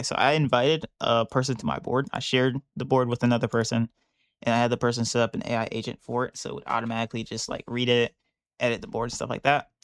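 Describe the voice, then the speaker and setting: A man's voice: mid-range voice, no echo. A man streaming a live work session, talking casually as he thinks aloud and rambles through restarts, close to his mic in a small room. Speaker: bug bounty hunter streaming a live session. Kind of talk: casual live-stream commentary while working. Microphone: close mic on a headset or desk.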